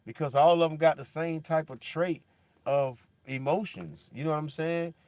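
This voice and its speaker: This is a relaxed monologue from a man whose slangy rambling is packed with "bro" and "dog." He speaks at a moderate pace, flipping between lively loud outbursts and a quiet, gloomy mutter, and there's no room sound.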